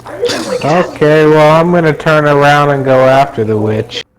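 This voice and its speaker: A man's voice: on the high side, measured pace, crowd noise, poor audio. A man playing a tabletop game, plain and matter-of-fact. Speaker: player. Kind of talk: casual tabletop play.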